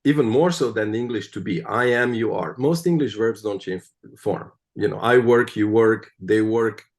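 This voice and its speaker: A man being interviewed, explaining at length in an animated, emphatic way and often checking in with "right?". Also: on the low side, normal speed. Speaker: guest, translator of the Psalms. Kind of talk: conversational interview.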